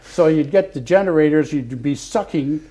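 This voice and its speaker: Older man, retired fire captain, interview guest, mellow voice, lively storytelling with loud bursts. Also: on the high side, moderate pace, slightly rough. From Canada. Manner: animated storyteller, acts out dialogue, rising to loud bursts. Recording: television studio interview.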